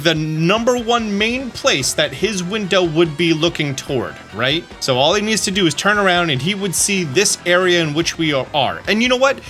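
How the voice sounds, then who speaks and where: A young man hosts a game playthrough with joking, rambling asides. His voice is high and animated, and faint game music plays behind him. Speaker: let's play host. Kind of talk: gameplay commentary.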